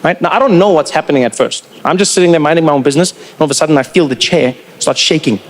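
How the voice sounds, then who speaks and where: A South African man in his forties performing animated stand-up comedy and acting out characters as he tells stories. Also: a little high, racing, slight background noise. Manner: animated storytelling, acts out characters.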